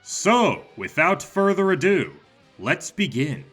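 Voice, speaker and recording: A man narrating a scripted explainer video in a wry, deadpan way. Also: a little high, takes it slowly, over loud music.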